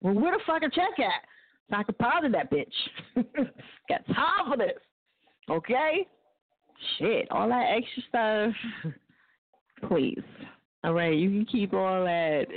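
A woman's voice: mid-range voice, dry recording. A woman hosting an internet radio show, ranting bluntly and profanely and laughing often. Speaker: radio host. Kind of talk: casual talk radio rant. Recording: dry, phone-like lo-fi line.

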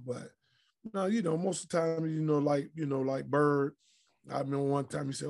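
A middle-aged man with a fairly high, creaky voice talks at a normal speed. He's a retired pro basketball player appearing as a podcast guest, telling profane, blunt, animated stories in a casual interview.

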